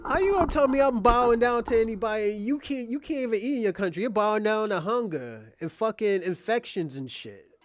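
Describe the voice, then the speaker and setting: A man's voice: high voice, lively intonation, a little fast, hardly any pauses. A man hosting a livestream, ranting to his chat in a mocking, provocative way, cursing and repeating himself. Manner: profane, repetitive, restarts phrases. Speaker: livestream host.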